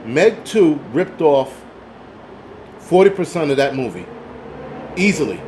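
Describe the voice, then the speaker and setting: With lively intonation and a little mellowness, this middle-aged live-stream host speaks a little high at a measured pace, ranting with profanity and reading chat aloud while a little tipsy from liquor. A faint hiss or hum sits under the recording.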